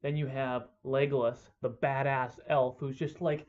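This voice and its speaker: A man's voice: medium pitch, level tone, a little slow, a little mellow, a little hiss or hum. Rambling man on a dull lo-fi recording. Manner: rambling, profane, full of "like" and restarts. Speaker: gaming channel host. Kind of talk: casual enthusiastic monologue.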